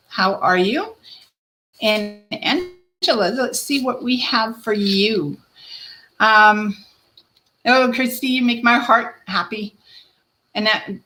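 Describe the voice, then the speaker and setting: Gentle psychic woman reading cards live. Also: mid-range voice, poor audio. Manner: gentle, reassuring, addresses viewers by name. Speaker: psychic medium host. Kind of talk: live-stream card reading.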